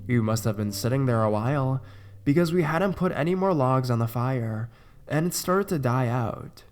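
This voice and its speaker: A man narrating a first-person horror story in a steady, conversational reading voice. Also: medium pitch, normal speed.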